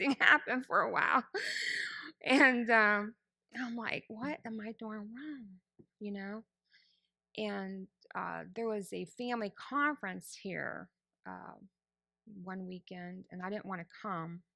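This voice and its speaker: Speaking a little slowly with vocal fry and a sharp edge to her mid-range voice, a church member shares her testimony with the congregation. She talks frankly and casually, voicing her past thoughts aloud, with no room sound on the recording.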